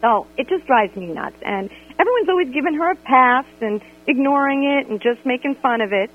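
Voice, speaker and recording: A woman calling in to a radio show by phone, telling a story in an animated, exasperated way. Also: high-pitched, a little fast. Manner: animated, exasperated retelling with quoted dialogue. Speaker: radio caller. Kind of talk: call-in storytelling about a friend. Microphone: telephone. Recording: tinny phone line on radio.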